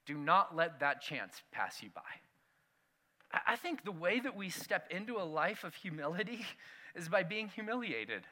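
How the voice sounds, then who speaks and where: Bright, high-voiced man preaching a lively sermon. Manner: animated storyteller, self-mocking, shifts between loud and hushed. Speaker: pastor. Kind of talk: sermon with a personal story.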